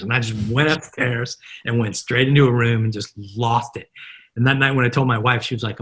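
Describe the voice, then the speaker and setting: Husky and a little breathy, this middle-aged marketer's mid-range voice moves fairly quickly as he guests on a podcast. He relates anecdotes energetically, repeatedly acting out the lines people spoke in them.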